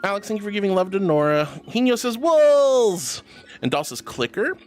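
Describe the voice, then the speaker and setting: An affectionate VTuber streamer chatting live with viewers, sprinkling endearments and giggly thanks. The voice sits at a middling pitch but leaps up and down in lively swings, with faint music playing underneath. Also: moderate pace. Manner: affectionate, calls viewers sweetie and honey. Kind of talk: casual live-stream chat reading.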